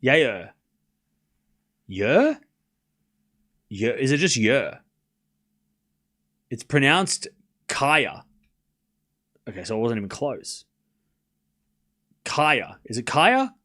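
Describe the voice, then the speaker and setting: Speaking very slowly with long pauses, this man has a medium-pitched voice. He hosts a live tennis watchalong stream, calling scores, joking around and chatting with viewers in an animated, casual commentary style.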